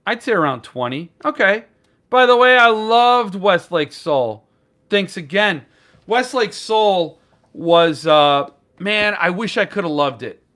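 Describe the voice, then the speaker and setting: A booktuber hosts a casual live stream about books, rambling and joking as he reacts to chat comments. His voice is high-pitched, animated and a bit bright, and he speaks slowly.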